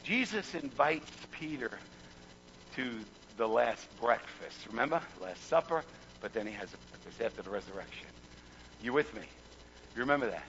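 Man, pastor, fervent sermon, gravelly, bright tense voice, lo-fi recording. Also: medium pitch, lively intonation, normal speed, slight background noise. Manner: fervent, builds to shouting, repeats words.

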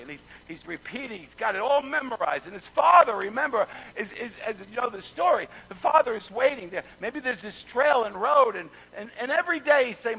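A man preaching a fervent sermon, repeating words and building to shouts. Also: very high-pitched, animated, moderate pace, creaky, few pauses, husky, muffled recording. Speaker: pastor.

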